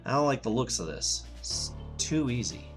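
A man's voice: mid-range voice, big pitch swings, moderate pace, soft background music, natural voice. A man voicing a wary male Air Force colonel who speaks in clipped remarks.

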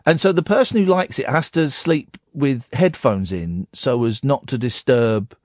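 A man hosting a late-night radio phone-in, animated, jokey and teasing. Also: mid-range voice, unhurried, no echo. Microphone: studio microphone.

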